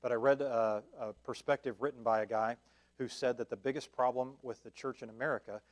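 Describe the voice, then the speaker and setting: A man teaches a church Bible study in a relaxed, conversational way. He thinks aloud with ums and restarts and often checks in with his listeners. His voice sits at an ordinary middle pitch. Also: fairly quick, dull audio. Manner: checks in with listeners with a questioning "right?". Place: church meeting room.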